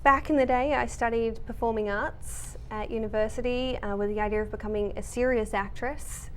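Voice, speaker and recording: Aussie woman late 20s, stand-up comic, dry and wry, pretty high voice. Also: fairly even intonation, normal speed, slight background noise. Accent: Australian. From Australia. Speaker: stand-up comedian. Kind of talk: stand-up comedy and interview chat.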